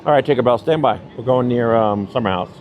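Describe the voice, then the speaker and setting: Riding a mobility scooter through a crowded theme park, a New York-accented man live streams from a handheld phone, rambling and chuckling casually. His mid-range voice moves fast, and the dull audio competes with crowd chatter and loud park music.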